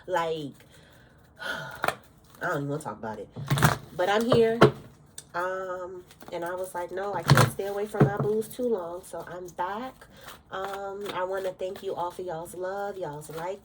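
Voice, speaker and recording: A woman's voice: on the low side, heavy background noise. A woman giving a casual tarot reading, fiery and direct, cursing freely, bothered by allergies. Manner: blunt, fiery, cursing often. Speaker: tarot reader.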